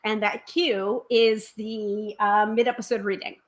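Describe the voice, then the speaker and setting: An American woman hosts a tarot live stream in a loose, chatty way. Her voice sits in an ordinary middle range for a woman. She talks quickly, fills pauses with "um" and stops to read out her viewers' comments. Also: medium pitch, little pitch movement. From United States. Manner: quick, chatty, many filler ums, reads viewer comments aloud. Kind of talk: casual live stream chat.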